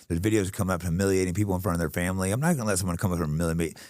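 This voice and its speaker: Deep fast-talking blunt man. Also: darkish tone, dry recording, studio quality. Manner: blunt, heated, outspoken. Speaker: podcast host. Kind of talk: casual conversation. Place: podcast studio.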